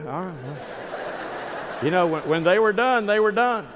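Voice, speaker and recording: A man's voice: fairly high pitch, moderate pace, a little hiss or hum. A man preaching a sermon in a folksy, emphatic storytelling manner. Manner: folksy, emphatic, acts out quoted voices. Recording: reverberant hall.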